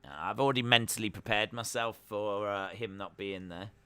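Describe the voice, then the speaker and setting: Bright, crisp-voiced streamer chatting. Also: male voice, lowish voice, steady tone, normal speed. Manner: chatty and joking, with many uhs. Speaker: live-stream reaction host. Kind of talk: live reaction commentary.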